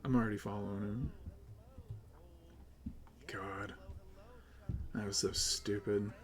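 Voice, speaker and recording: A man streaming live, ranting with lots of swearing, upset and close to tears, swinging between loud outbursts and low mutters. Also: fairly even intonation, takes it slowly. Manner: profane, agitated, swings between yelling and muttering. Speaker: livestreamer.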